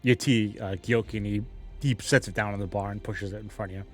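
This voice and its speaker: A man's voice: lowish voice, steady tone, fast, faint music behind. A man narrating a tabletop game as game master, laid-back and joking with the players.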